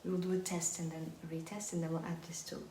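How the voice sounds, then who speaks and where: A woman's voice: fairly low pitch, quick pace, slight background noise. A woman teaching a live online belly dance class, counting and singing rhythms as she dances and drifting nearer and farther from the mic. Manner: energetic, counts and sings rhythms while dancing. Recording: echoey room with faint music.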